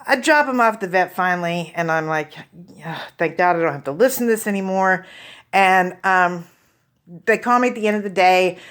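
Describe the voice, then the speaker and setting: Lively Oklahoman woman doing stand-up. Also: medium pitch. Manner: profane, deadpan asides, storytelling. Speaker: stand-up comedian. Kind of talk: stand-up comedy routine.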